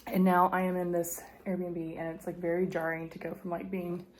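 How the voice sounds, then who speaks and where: A woman hiker chatting casually to her phone camera, gushing and often dropping into a hushed half-whisper. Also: fairly low pitch, completely flat delivery, moderate pace, slight background noise. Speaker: long-distance hiker vlogging. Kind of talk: casual vlog chat.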